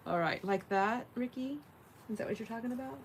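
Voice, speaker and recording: In an expressive, slightly high voice and an unhurried pace, a middle-aged woman hosts a casual craft livestream with background noise. She chats, laughs frequently, and reads comments from viewers while working.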